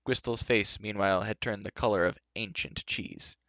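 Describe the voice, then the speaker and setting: A man reading a novel aloud in steady narration, with the odd slip, on a dull lo-fi recording. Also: on the low side, normal speed, no echo. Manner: steady narration with brief slips. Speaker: audiobook reader. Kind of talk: live book reading.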